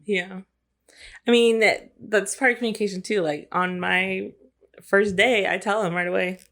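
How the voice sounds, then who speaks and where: A woman's voice: medium pitch, steady tone, normal speed, a bit bright. A young woman guesting on a podcast, telling candid stories in casual chat with frequent laughter.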